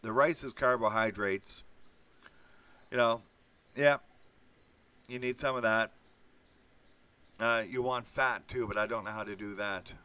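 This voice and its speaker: A man's voice: lowish voice, steady tone, measured pace, pauses often, sharp tone, clean tone, dry recording. A man hosting a casual monologue, rambling and swearing, with many fillers. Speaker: host.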